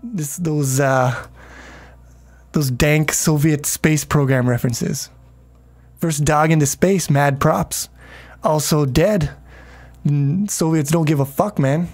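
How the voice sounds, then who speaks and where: A man's voice: fairly high pitch, takes it slowly, pauses often, a little mellow. Profane, rambling male streamer. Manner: rambling, profane, talks to chat. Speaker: livestreamer. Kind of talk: casual gameplay livestream commentary.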